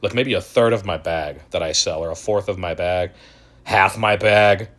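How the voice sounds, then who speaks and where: A man's voice: low voice, moderate pace, a bit bright. Profane, ranting crypto guy. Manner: profane, exasperated, mocking. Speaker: crypto channel host. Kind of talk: ranting video commentary.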